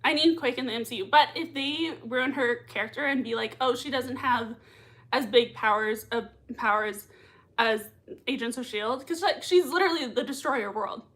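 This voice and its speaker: A woman hosting a casual livestream, chatting excitedly and giggling while reading viewer comments. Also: a little high, normal speed. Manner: excitable, giggly, many fillers. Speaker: livestream host reacting to a TV show.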